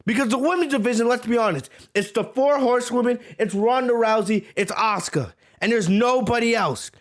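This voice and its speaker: A man hosting a podcast, delivering a heated review rant, repeating words for emphasis and shouting back at viewers in the chat. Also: very high-pitched, fairly quick. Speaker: podcast host.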